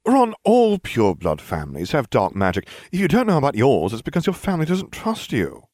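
Man doing smug teen wizard, sardonic, slightly raised, very lively pitch, dry sound. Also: brisk, no echo. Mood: condescending. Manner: sardonic, condescending. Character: smug, scheming teenage boy wizard.

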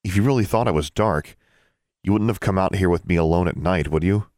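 A man's voice: deep voice, fairly quick, a little mellow, no echo, clean studio sound, lightly acted. A man voicing a defiant teenage witch girl who snaps indignant retorts.

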